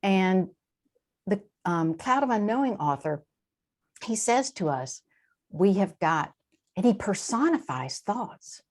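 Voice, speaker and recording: A woman with a mid-range voice, a translator appearing as an interview guest, explains things in a lively, warm, conversational way. She's animated, tossing in quick asides and laughs and shifting her emphasis often.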